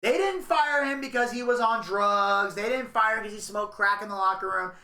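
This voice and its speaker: Bright-voiced man telling wild stories. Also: high-pitched, fairly quick, echoey room. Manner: animated storyteller, swearing, acts out quotes. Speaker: podcast co-host. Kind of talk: casual storytelling chat.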